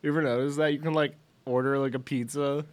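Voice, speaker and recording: A young man from Illinois co-hosting a podcast in casual chat, crude and teasing with loud bursts. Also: mid-range voice, level tone, quick pace. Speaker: podcast co-host.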